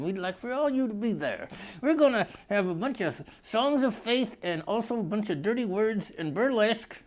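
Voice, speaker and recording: A man hosting a comedy vlog, delivering a crude, rambling monologue that keeps slipping into put-on voices and a drawl. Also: sits high.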